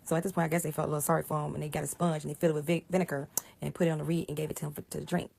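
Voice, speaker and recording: A woman retelling a Bible passage in a casual, animated way, explaining as she goes and often dropping to a hushed whisper. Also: low voice, rapid-fire, vocal fry, slight background noise. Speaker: Bible storyteller.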